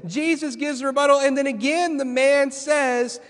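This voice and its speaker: A man's voice: very high-pitched, moderate pace, hardly any pauses, fairly bright tone, big-room sound. A man preaching a sermon as pastor, repeating key phrases with rising intensity in a church. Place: church sanctuary.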